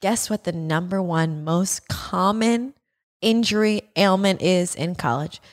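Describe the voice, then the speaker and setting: A woman podcast co-host in casual banter, quick, crude and joking. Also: on the low side.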